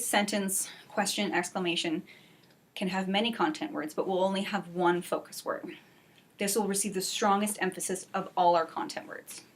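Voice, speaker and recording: Woman teaching an adult English class. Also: medium pitch. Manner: clear, encouraging, slow modeled example sentences. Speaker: ESL teacher.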